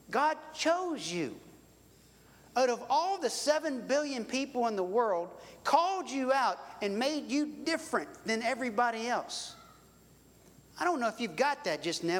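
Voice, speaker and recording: A man's voice: high voice, a bit bright, in a large hall. A man preaching a sermon in a folksy, conversational way, asking his listeners rhetorical questions. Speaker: pastor.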